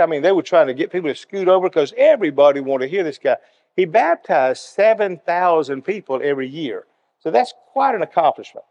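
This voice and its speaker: A middle-aged man, a pastor telling a story in an animated, conversational way during a sermon. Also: a little high. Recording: dull sound in a hall.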